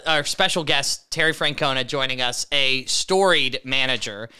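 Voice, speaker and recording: A man's voice: medium pitch, normal speed, pushed and bright, smooth. A man co-hosting a podcast in casual chat, wry and asking questions. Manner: wry, introduces guests, asks questions. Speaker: podcast co-host.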